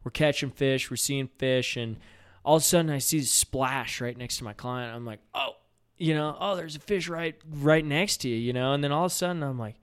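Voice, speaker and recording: Guy on a fishing podcast, chatty, gets loud acting out what people said. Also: medium pitch, a little fast, clear, resonant tone. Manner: animated storyteller, acts out shouts in quotes. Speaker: fishing guide and podcast co-host. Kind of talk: casual storytelling chat.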